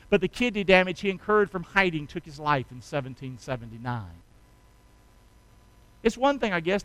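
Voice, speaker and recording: A male pastor, his voice high and bright as he preaches. He leads call-and-response with the congregation, sinking soft and then breaking into loud shouts. The sound is clear and dry. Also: no room sound, rough recording. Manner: swings from soft and low to sudden loud shouts. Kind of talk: sermon.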